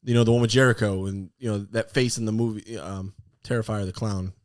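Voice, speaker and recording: A man's voice: on the low side, fairly even intonation, fairly quick, no room sound, studio quality. A man co-hosting a podcast, telling stories animatedly and laughing often. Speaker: podcast co-host. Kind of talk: casual chat.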